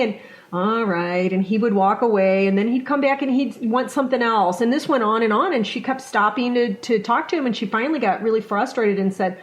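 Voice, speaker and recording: A middle-aged woman speaks in a slightly high voice, relaxed and conversational. She tells her stories with animation and slips into the voices of the people she quotes. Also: brisk, rough recording. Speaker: workplace culture trainer and guest. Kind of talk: conversational storytelling.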